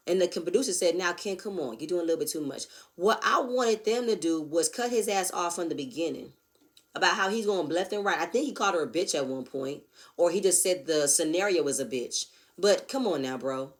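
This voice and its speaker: A woman giving a blunt, profane, animated recap of a reality show episode. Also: fairly low pitch, normal speed. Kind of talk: casual recap commentary.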